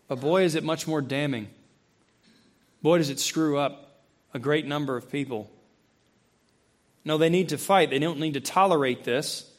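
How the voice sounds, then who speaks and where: A man preaching a sermon to his congregation, asking them questions and acting out voices, swinging between loud, high emphasis and low, quiet intensity. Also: normal speed, pauses often. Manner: acts out quoted voices and asks the congregation questions. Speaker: pastor. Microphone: handheld or stand mic, close.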